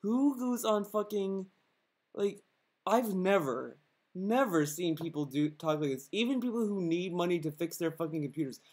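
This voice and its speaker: A man's voice: high-pitched, moderate pace, a little mellow. A man delivers an angry reaction commentary, swearing constantly. His tone stays sarcastic and mocking as he rants at the person on screen.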